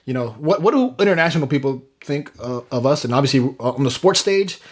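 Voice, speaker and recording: A man's voice: medium pitch, animated, fast talker. A man co-hosting a podcast, loose and profane, often restarting as he talks sports. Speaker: podcast co-host. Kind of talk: casual sports chat.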